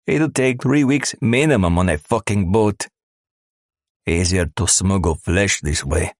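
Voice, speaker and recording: Brief: a man reading gruff, menacing criminals, deep-voiced, crude, dry studio sound. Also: fairly even intonation, unhurried, dry recording. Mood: griping. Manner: crude, menacing, tough-talking. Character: gruff male smugglers and mafia man. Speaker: audiobook narrator. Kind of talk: scripted audiobook narration.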